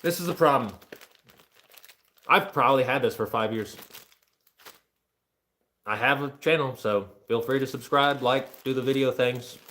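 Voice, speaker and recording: A man's voice: mid-range voice, a little slow, pauses often, pushed and bright. A man in his thirties chatting casually on a livestream, joking, self-deprecating and easily distracted. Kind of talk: casual rambling livestream chat.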